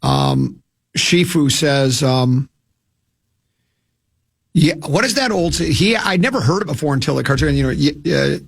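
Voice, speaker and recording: A man's voice: on the high side, sing-song, unhurried, vocal fry, pauses often, slightly rough. A man hosting a sports radio show, rambling and joking in casual studio chat, restarting his sentences often. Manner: rambling, jokey, full of restarts.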